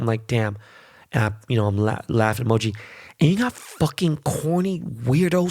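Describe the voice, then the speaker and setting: A middle-aged man hosting his own podcast alone, ranting in a profane, boastful way. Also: medium pitch. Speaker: podcast host. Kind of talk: solo podcast monologue.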